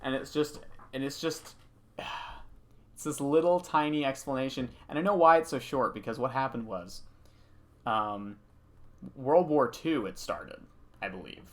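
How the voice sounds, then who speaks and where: A man's voice: mid-range voice, unhurried. Man rambling through a story on stream. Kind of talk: casual chat while gaming.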